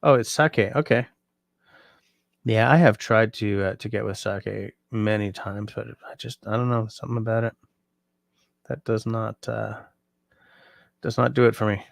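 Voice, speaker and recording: A sleepy, yawning man hosting a livestream, chatting casually and reading out viewer comments in a relaxed, rambling way. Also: lowish voice, moderate pace, gravelly, pauses often, dry recording. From Canada. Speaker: livestream host.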